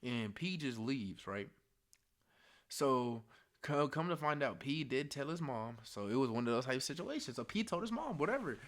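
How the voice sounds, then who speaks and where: A young man telling a story to camera in casual slang, animated, dropping to hushed tones and then getting loud. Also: mid-range voice, moderate pace. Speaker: storytime vlogger.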